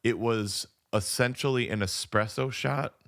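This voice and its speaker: A man co-hosting a podcast, joking and chiming in with quick agreement. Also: mid-range voice, gravelly, a bit bright. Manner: lots of short agreeing replies, jokey. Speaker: podcast co-host. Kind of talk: casual movie-review chat.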